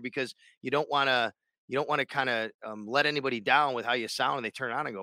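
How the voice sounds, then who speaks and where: Male sports radio host, bright dry voice, rambling casual podcast chat. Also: medium pitch, fast, dry recording. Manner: rambling, many restarts and fillers.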